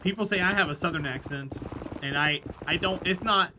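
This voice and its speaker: High-voiced man chatting on stream. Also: brisk, background noise. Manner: rambling, chatty, laughs easily. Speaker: game streamer. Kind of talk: casual live-stream chat while gaming.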